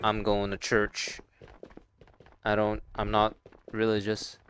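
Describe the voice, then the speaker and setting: Young guy streaming vr, lowish voice, rambly and stop-start, swears a bit, faint noise behind. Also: completely flat delivery, slow pace. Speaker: game streamer. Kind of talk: casual gaming stream chat.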